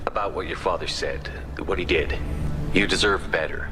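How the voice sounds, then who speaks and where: A man playing a calm, deep-voiced starship captain. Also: moderate pace, lightly acted. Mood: reassuring. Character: steady male starship captain, protective. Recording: game clip with music behind.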